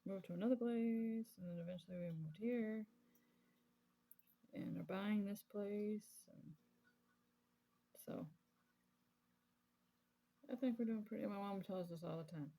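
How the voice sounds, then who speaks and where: Woman, 30s, vlogger; mellow, gravelly voice, candid rambling storytelling. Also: medium pitch, a little slow, pauses often, low-quality recording. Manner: rambling, candid, lots of fillers. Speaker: crafting vlogger. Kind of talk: casual personal storytelling.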